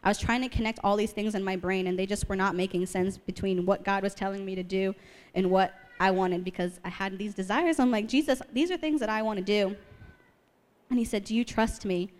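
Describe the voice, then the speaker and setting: A young woman from the East Coast shares her testimony in an animated storytelling voice. She mixes self-deprecating jokes into the story and jumps up in pitch whenever she quotes her own past prayers. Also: brisk. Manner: self-deprecating humor with frequent laughs. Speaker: speaker sharing testimony. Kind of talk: personal testimony talk.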